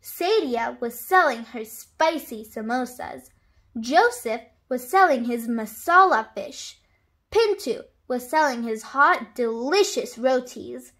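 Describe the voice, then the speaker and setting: A woman reading a children's picture book aloud, with clear, expressive storytelling. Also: high-pitched.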